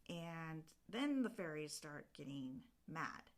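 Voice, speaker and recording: A woman's voice: sits low, sing-song, slow pace. A woman vlogger retelling a book in casual chat, rambling with lots of filler words. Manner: rambling storyteller, heavy use of filler 'like'.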